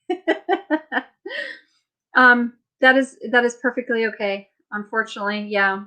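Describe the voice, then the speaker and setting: A worn-out woman hosts a late-night live stream from her home, chatting loosely and answering viewer comments. She rambles, laughs easily and keeps her tone relaxed and teasing. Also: medium pitch. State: tired. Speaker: livestream host. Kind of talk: casual live chat reading viewer comments.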